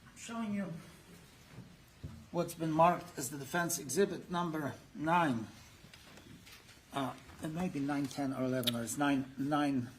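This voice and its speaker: A man's voice: a little high, measured pace, long pauses, slight background noise. A man working as a defense attorney, cross-examining a witness in a courtroom with pressing, leading questions.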